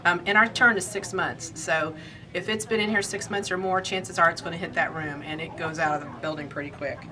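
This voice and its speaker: A woman's voice: on the low side, fairly even intonation, fairly quick, a crowd in the background. A woman from Indiana hosting a casual shop update, chatty and rambling, laughing easily. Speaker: quilt shop owner and host.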